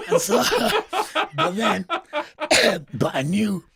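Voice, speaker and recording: A man's voice: very high-pitched, huge pitch swings, very slow, vocal fry, a loud crowd. A middle-aged man with a Geordie accent, telling crude stories in a casual interview, swearing and laughing often. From England. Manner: swearing, laughing storyteller with street slang. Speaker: guest.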